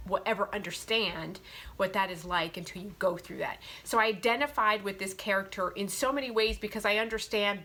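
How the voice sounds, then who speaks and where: A woman's voice: medium pitch, pushed and bright. A young adult woman chatting heartfelt about romance novels, filling her talk with "like". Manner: heartfelt, chatty, full of "like" fillers. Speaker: booktuber reviewing romance novels. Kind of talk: casual book review chat.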